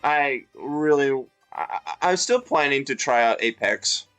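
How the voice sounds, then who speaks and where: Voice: medium pitch, animated, a little slow, fairly bright tone. A co-reader who laughs often and jumps in with jokes during a comedic book reading, with faint music behind.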